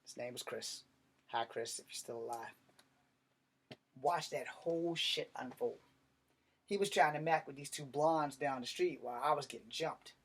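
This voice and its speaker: A man telling a personal story in a blunt, profane, animated way. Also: medium pitch, normal speed, long pauses, breathy edge. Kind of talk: casual storytelling monologue.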